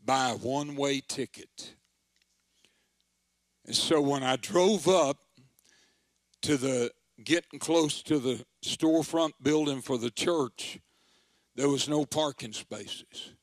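A man's voice: on the high side, slow, no room sound. An older man, a country pastor telling a story in a sermon with folksy, dramatic delivery. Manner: folksy, dramatic, swells into forceful proclaiming.

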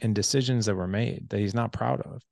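Podcast host, man, 40s, gravelly low voice, animated storyteller, dry close sound. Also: brisk, no echo. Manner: animated storyteller who acts out quoted dialogue. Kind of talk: casual storytelling conversation.

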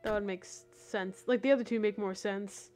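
A woman's voice: medium pitch, fairly even intonation, moderate pace, darkish tone, faint music behind. A young woman live-streaming a game, giggling often, rambling, and reading the game text aloud.

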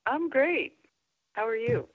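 A woman's voice: sits high, lively intonation, slow, no room sound, phone-quality sound. Teasing young woman caller. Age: young adult. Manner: teasing, playful. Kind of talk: casual phone chat.

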